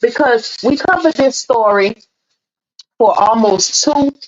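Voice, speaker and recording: A woman's voice: a little high, animated, takes it slowly, no echo. A woman hosting a casual livestream, greeting viewers by name in a chatty, laughing way, a little under the weather. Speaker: livestream host. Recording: dull lo-fi stream audio.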